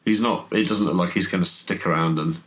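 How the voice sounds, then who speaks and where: A man running a horror tabletop game as game master, describing scenes in a halting way with many fillers. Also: sits low, rough recording.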